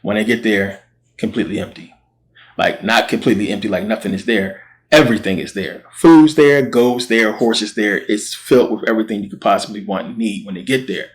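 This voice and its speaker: A man's voice: on the low side, fairly quick. A man hosting his channel, retelling a Bible story in a slangy, conversational way. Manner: slangy, conversational, acts out quotes. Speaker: channel host.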